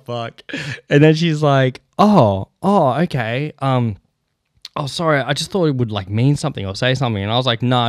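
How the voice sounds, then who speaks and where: A man tells stories on his own podcast, casual and profane, laughing often and getting fired up as he goes. His voice sits at an ordinary middle pitch. The sound is close and dry, with almost no room in it. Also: no echo. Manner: swears a lot, laughs between lines, animated rants. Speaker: podcast host. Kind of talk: casual solo podcast storytelling.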